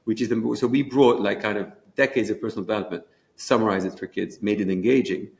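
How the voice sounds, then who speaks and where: A man's voice: lowish voice, steady tone, fast talker, gravelly, darkish tone. A man who created a children's feelings program, talking eagerly in a conference interview and restarting his sentences as he goes.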